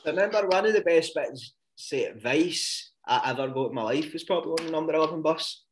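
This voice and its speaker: A man's voice: a little high, a little fast. A man with a Scottish accent, telling rambling, sweary stories in casual podcast chat and breaking into laughs. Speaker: podcast co-host.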